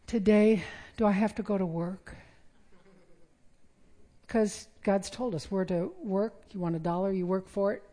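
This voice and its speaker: A woman's voice: medium pitch, warm tone. A middle-aged woman giving a sermon in a conversational way, with self-deprecating humor. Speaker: preacher.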